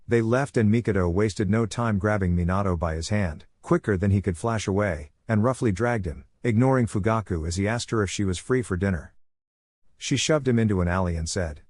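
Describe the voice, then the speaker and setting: A man reading a fan fiction story aloud in a steady narration. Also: fairly low pitch, normal speed, dry recording, clean studio sound.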